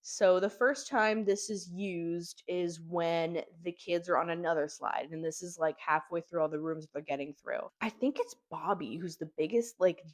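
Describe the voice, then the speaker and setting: A young woman with a somewhat low-pitched voice tells a story in a relaxed, casual way. She fills her sentences with "like" and slang, and she breaks into quick impressions of the characters as she recaps the plot. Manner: slangy, filler-heavy storytelling with lots of "like"; animated, acts out characters' lines. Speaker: book reviewer.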